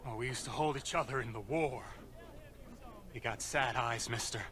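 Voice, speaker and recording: An actor playing a lonely old homeless army veteran in a video game, slow and pleading, with a weepy, shaky voice. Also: male voice, medium pitch, a bit bright, a little hiss or hum, natural voice. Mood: tender. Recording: game audio with outdoor ambience.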